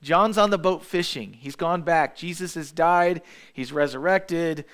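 A man's voice: a little high, unhurried, a bit bright, smooth. A man preaching a sermon in a casual, storytelling way, often restarting his phrases.

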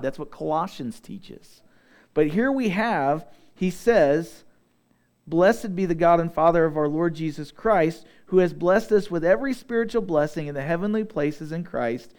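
A young man preaches in a fairly high voice. He reads scripture aloud and stretches out key words when he wants them to land. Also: darkish tone, clean tone. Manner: earnest preaching, slowing for emphasis on scripture. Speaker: pastor. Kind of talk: sermon.

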